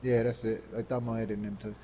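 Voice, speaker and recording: Teasing sweary lad. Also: male voice, fairly low pitch, little pitch movement, quick pace, muffled recording, a crowd in the background. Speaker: gamer chatting on stream. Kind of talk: casual chat.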